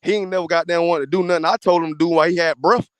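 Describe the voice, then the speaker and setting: A man acts out an exasperated Christ with no patience left, waving off a latecomer in crude, cursing slang. The voice sits high and sounds close and dry. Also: steady tone, very fast, clean tone, no echo, close to an everyday voice. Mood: dismissive. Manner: profane, dismissive street talk. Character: blunt, fed-up male Christ turning someone away.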